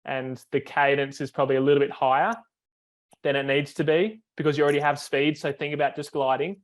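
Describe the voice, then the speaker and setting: A man's voice: a little high, flat delivery, fairly quick. A man, a foiling coach, explains technique on a video call, step by step, with many fillers and restarts.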